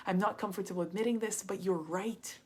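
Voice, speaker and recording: A woman's voice: mid-range voice, fairly even intonation, brisk, breathy edge, lightly acted. A woman voicing a guarded man at a bar who brushes her off and then grudgingly gives in, barely changing her own voice. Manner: wary, dismissive, then grudgingly admitting.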